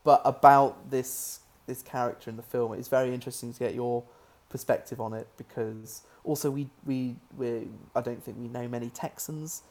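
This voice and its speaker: A man's voice: medium pitch, fairly even intonation, a little mellow. Casual chat, british guy guesting on a podcast, stops and restarts a lot, amused. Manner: halting, many restarts, amused. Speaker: filmmaker guest.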